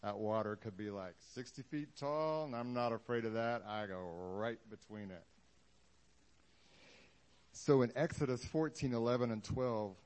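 A man's voice: medium pitch, a little mellow. A man preaching a sermon in a casual, joking way, acting out the Bible scenes he talks about for the congregation. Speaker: pastor.

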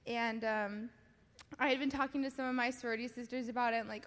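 A young woman with a slightly high voice tells her story before a church gathering, halting and laughing nervously between thoughts. Her voice rings out in a big hall with a long reverb trailing each phrase. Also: fairly even intonation. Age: young adult. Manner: giggly, halting, many fillers. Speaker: baptism candidate giving testimony. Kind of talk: personal testimony in church. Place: church service.

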